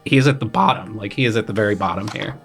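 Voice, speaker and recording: A man's voice: on the low side, racing, gravelly, faint music behind. Young man chatting about his opera. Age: young adult. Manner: relaxed, explains with many fillers and paraphrased quotes. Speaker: composer and graduate student guest. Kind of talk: casual podcast conversation.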